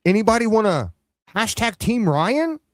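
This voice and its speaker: Brief: male live-stream commentator, sarcastic and scolding, very animated pitch, dry recording. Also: normal speed, no room sound. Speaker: commentary channel host. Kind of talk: heated live reaction commentary.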